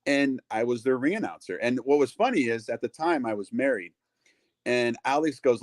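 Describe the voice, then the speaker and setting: Middle-aged male ring announcer, mid-pitched, dry close sound, gabby storyteller. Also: expressive, moderate pace, no room sound. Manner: chatty, acts out quoted voices, lots of fillers. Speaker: wrestling ring announcer, guest. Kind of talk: casual storytelling interview.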